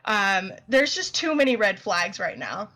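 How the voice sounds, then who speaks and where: A woman running a tabletop one-shot as game master, narrating in a relaxed way full of fillers. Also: mid-range voice, measured pace, crowd noise.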